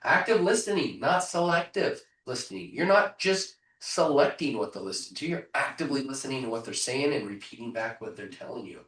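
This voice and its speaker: A man coaching real estate agents in a live training, punchy and energetic, often asking rhetorical questions over a video call. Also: on the high side. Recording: echoey room, voice far from mic.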